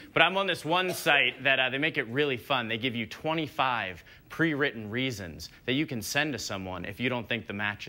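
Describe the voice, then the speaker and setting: A man's voice: mid-range voice, very noisy. Young man doing stand-up, rambling and self-deprecating. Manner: casual, rambling, self-deprecating delivery with filler words. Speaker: stand-up comedian. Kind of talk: stand-up comedy set. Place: TV studio stage before a live audience.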